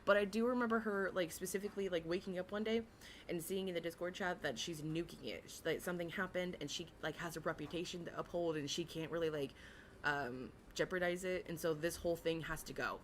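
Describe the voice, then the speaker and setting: A young adult woman with a raspy voice, chatting casually and rambling on a livestream, often giggling, with many fillers. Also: on the low side, steady tone, fairly quick, slight background noise. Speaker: livestream commentary host.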